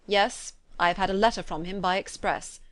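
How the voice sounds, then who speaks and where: Female reader as wry older father, teasing and mock-stern, mid pitch. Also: fairly even intonation, moderate pace, no room sound, lightly acted. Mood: weary.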